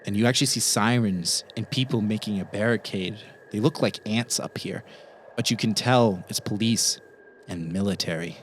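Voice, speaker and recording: A man's voice: on the low side, a little hiss or hum. Man narrating a zombie game as game master. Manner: quick, vivid scene narration.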